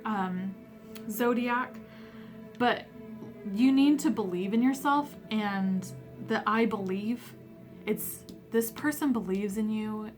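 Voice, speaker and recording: A woman reads tarot cards aloud in an unhurried, drawn-out way, her pitch sitting in an ordinary middle range. She sounds emotional and hesitant, leaning on fillers as she softly voices messages from the other side. Faint music plays behind her. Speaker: tarot card reader. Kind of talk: pick-a-card tarot reading.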